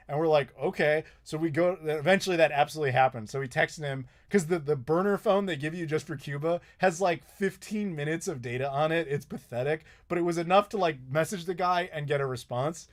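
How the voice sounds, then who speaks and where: American man, YouTuber host, slightly high voice, chatty storytelling, quotes people animatedly. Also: expressive, fast. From United States. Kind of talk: casual live Q&A storytelling.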